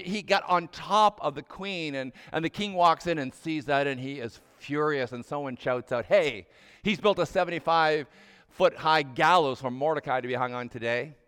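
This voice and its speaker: Man preaching a sermon in a large hall. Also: normal speed. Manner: storytelling preacher, drops low and soft for emphasis. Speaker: pastor.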